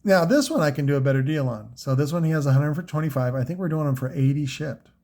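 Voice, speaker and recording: A man's voice: on the high side, lively intonation, fast talker, darkish tone. A man talking casually and loosely about gear he sells, with lots of fillers and swearing. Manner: rambling, frequent fillers and profanity. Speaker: car audio seller reviewing products. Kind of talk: casual unscripted product talk.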